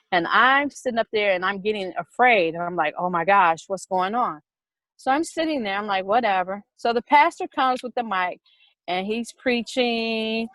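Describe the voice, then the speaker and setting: A middle-aged woman casually telling a personal story, animated, with quick repetitive retelling. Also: mid-range voice, no room sound, low-quality recording.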